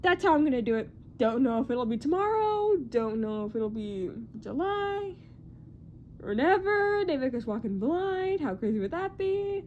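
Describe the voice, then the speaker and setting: A young woman chatting casually in a vlog about movie news, excitable and rambling, often self-deprecating and full of "like". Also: sits high, moderate pace, phone-quality sound, a little hiss or hum.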